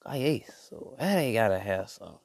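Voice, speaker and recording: A man's voice: on the low side, big pitch swings, unhurried, gravelly, darkish tone, dry recording, clean studio sound. Man ranting in a slangy comic monologue. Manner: rambling, slangy, full of "like" and "bro". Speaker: podcast host. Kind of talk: comedic rant monologue.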